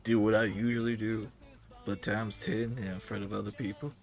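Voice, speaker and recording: A low-pitched man hosting his stream, speaking quietly and in a laid-back way. Faint music plays behind him. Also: little pitch movement, normal speed. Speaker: streamer host. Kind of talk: casual stream chat.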